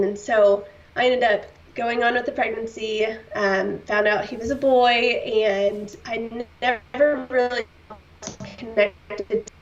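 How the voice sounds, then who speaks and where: A woman's voice: a little high, a little hiss or hum. A woman guest on a podcast, telling a hard personal story in an earnest, heartfelt way, with many fillers and the odd short laugh. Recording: slightly distant, dull-sounding.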